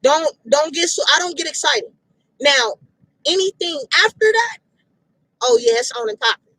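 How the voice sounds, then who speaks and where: A woman's voice: very high-pitched, lively intonation, normal speed, sharp tone, no echo, rough recording. A woman giving a casual, emphatic fitness pep talk outdoors, repeating her points bluntly with slangy phrasing. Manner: emphatic, repetitive, direct, street slang. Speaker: fitness motivator.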